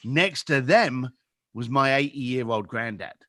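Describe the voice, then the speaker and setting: A man in his fifties with a London accent, a podcast guest telling animated stories and acting out the voices in them. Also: mid-range voice, slow pace. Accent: London English. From England. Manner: lively, acts out voices in anecdotes. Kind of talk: animated storytelling.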